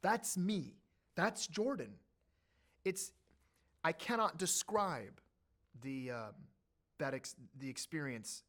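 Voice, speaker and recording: A middle-aged man telling animated stories as an interview guest, his pitch and loudness jumping suddenly. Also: slow pace, pauses often. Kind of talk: storytelling in an interview.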